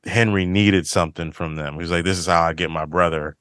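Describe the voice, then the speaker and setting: A man's voice: low-pitched, fairly even intonation, brisk, fairly bright tone, clean tone, dry recording, studio quality. A man hosting a podcast, casually retelling scenes from a TV episode and quoting the characters' lines. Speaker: podcast host. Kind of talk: casual chat recapping a TV episode.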